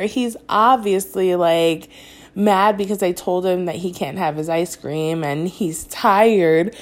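A woman's voice: mid-range voice, a little mellow. A young adult woman, a mother, telling a personal story in a candid, self-critical vlog style that grows agitated. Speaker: mother vlogger.

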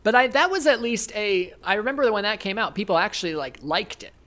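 Podcast host, casual banter, giggly, rambling, mid-pitched voice. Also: expressive, fairly quick, a bit bright. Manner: playful, laughs often, rambling. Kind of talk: casual chat.

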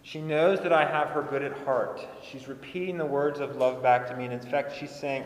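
A man's voice: medium pitch, steady tone, moderate pace, hardly any pauses. A young man, a pastor, preaching a sermon in an earnest, conversational way and repeating phrases for emphasis. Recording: echoey hall with long reverb.

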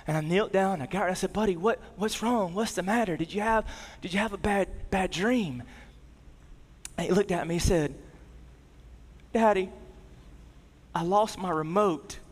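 Here a thirtysomething male pastor preaches, recounting a family story as he shifts between lively emphasis and soft, low tones. The pace is brisk and the audio has a big-room feel.

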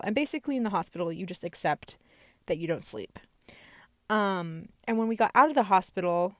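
A woman's voice: mid-range voice, no room sound, studio quality. Candid woman telling a personal story. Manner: candid, reflective, many fillers.

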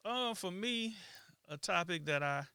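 A man co-hosting a podcast, speaking in casual chat with a reflective, halting manner full of ums and restarts. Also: high voice, expressive, sharp tone, clear, resonant tone, no room sound. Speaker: podcast co-host.

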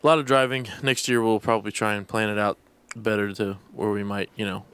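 A young man co-hosting a podcast in casual chat, easygoing and quick to react. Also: lowish voice, steady tone, fairly bright tone, clean tone. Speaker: podcast co-host.

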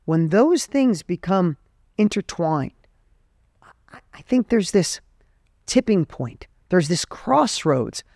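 A man's voice: high voice, very animated, slow, long pauses, a little mellow, no room sound, studio quality. A middle-aged man giving an earnest, emphatic motivational talk as a podcast host, telling stories to make his points. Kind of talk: motivational monologue.

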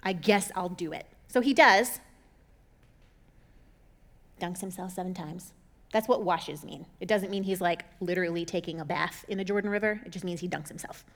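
A woman casually retelling a Bible story in a chatty, jokey way, full of sarcastic asides and quick character voices. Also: on the low side.

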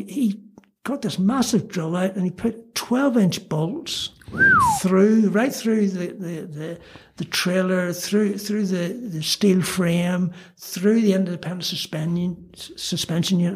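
A man's voice: high voice, a little slow, a little mellow, breathy edge. An older man with a Belfast accent, telling self-mocking anecdotes in a casual chat, with many ums and restarts. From Northern Ireland. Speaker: guest storyteller. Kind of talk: casual storytelling.

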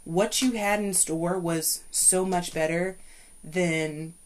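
A young adult woman hosting a faith-based talk, speaking in an emphatic, preachy way that climbs high and loud when she gets fired up. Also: steady tone, slow pace, a little hiss or hum. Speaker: podcast host.

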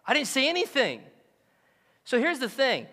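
Guy preaching in a church, bright high voice bouncing all over, big hall echo, jokey and animated. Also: moderate pace. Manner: animated and joking, acts out quoted voices. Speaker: pastor. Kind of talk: sermon. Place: church sanctuary.

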